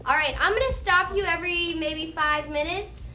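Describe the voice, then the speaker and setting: A woman teaching an elementary classroom, explaining things clearly and step by step in an encouraging way. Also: very high voice, moderate pace, sharp tone. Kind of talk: classroom instruction.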